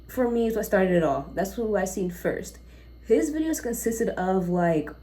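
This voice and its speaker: A woman's voice: deep voice, dark tone. Blunt, rambling young woman vlogger. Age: young adult. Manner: blunt and profane, rambling off topic. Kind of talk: casual unscripted rant.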